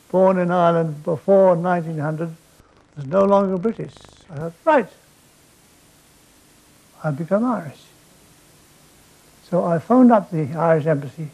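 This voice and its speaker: An older man telling comic stories on stage in a rambling, deadpan way, with an audience laughing. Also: high-pitched, moderate pace, creaky, lo-fi sound. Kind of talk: stage storytelling.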